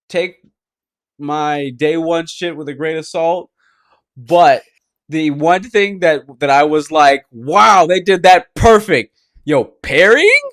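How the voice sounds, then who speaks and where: A man's voice: on the high side, fairly bright tone. A man co-hosting a casual gaming podcast, telling rambling stories full of swearing and restarts. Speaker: podcast co-host.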